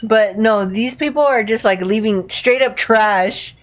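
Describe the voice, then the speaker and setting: A woman's voice: on the high side, unhurried. A young woman co-hosting a podcast in casual chat, blunt and emphatic, swearing for effect. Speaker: podcast co-host.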